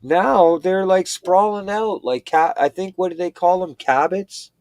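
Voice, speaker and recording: Man, casual livestream talker, rambling animated storyteller, dry close sound. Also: high-pitched, a little slow, dry recording. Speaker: livestream chat participant. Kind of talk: casual chat.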